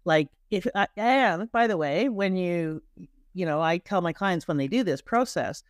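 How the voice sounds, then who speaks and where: A woman's voice: on the low side, normal speed, no echo, clean studio sound. A middle-aged Canadian woman with a Canadian accent, talking emphatically as a marketing coach in a podcast interview, with restarts and repetitions.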